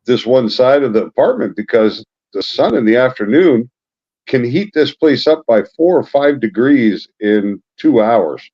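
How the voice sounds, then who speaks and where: A man's voice: mid-range voice, animated, measured pace, a little mellow. Man, middle-aged, chatty co-host, storyteller, muffled lo-fi audio. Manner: chatty, tells long anecdotes. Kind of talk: casual chat. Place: apartment at home. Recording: slightly muffled lo-fi sound.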